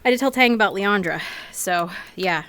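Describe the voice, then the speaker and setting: A woman streaming a role-play game in a VR headset, teary and sniffling, murmuring quietly as she chats between scenes. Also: mid-range voice, animated, fairly quick. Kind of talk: casual chat between scenes. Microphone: VR headset mic.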